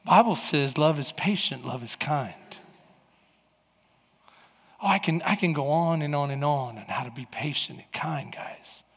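Pastor guy preaching, pretty high voice, lots of long hall echo, does little voices for his stories. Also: a little slow, vocal fry, husky. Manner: lively storytelling preacher, acting out quoted voices. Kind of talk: sermon.

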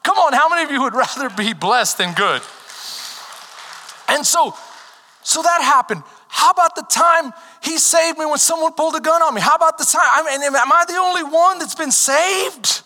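A man preaching a sermon as pastor, telling stories with animation and building to shouted calls to the congregation. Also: extremely high pitch, moderate pace. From Texas. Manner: animated storytelling, rising to shouted exhortation. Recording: long hall reverb.

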